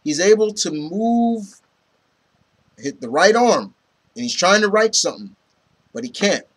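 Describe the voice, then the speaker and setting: Male comic reviewer, slightly high-pitched, loose and rambling, heavy on "you know". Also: big pitch swings, unhurried, slightly rough. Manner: retells scenes, quoting characters. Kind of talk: casual review talk.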